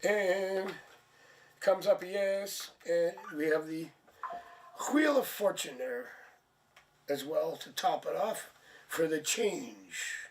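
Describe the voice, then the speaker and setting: A man hosting a live tarot stream, chatting casually and sounding tired and low on energy. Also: slow, pauses often. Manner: chatty, laughs at himself, thinks aloud. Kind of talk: casual live-stream chat and card reading. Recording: distant mic, faint background noise.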